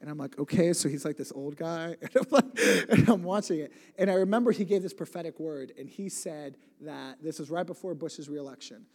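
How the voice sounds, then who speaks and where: A man's voice: a little high, brisk, few pauses, darkish tone. A man in his late twenties giving a church talk, telling stories in a rambling, conversational way, often breaking off mid-sentence and adding humor. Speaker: church speaker. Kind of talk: sermon storytelling. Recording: long hall reverb.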